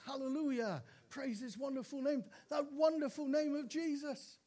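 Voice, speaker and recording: High-voiced preacher man, storytelling sermon. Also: steady tone, moderate pace, hardly any pauses, mellow. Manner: storytelling with dramatic repeats and exclamations of praise.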